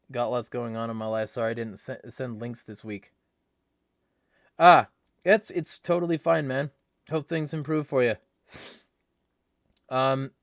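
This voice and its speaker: A man's voice: medium pitch, no echo, studio quality. A man hosting a casual livestream, reading chat comments aloud and ranting bluntly with lots of profanity. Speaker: livestream host.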